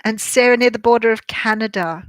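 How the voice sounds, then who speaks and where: A woman's voice: a little high, a little fast, no room sound, clean studio sound. An older Australian woman, a tarot reader, chatting casually on a live stream and answering viewer comments with a bubbly, laughing manner. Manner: chatty and bubbly, laughs often, many ums.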